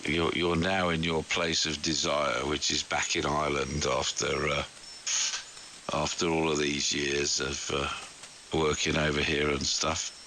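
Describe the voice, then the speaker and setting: A man's voice: rumbling low, level tone, a little slow, sharp tone. A man chatting on amateur radio, hesitant and full of stammered restarts. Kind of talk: casual radio chat. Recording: noisy amateur radio signal.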